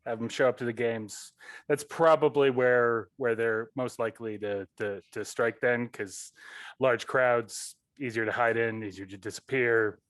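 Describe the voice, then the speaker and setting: A man playing a tabletop role-playing game, animated and quick-witted, chatting in character. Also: mid-range voice, dry recording. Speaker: player. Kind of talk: casual tabletop role-play.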